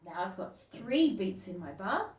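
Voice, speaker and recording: A woman's voice: medium pitch, very animated, unhurried. Woman teacher explaining from across a room. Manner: explains patiently, counts beats aloud. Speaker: music teacher. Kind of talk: step-by-step classroom explanation. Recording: roomy, distant mic, faint hum.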